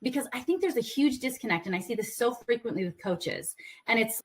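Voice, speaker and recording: A woman's voice: on the high side, sing-song, normal speed. A woman business coach giving a conversational talk to a group, earnest with playful asides.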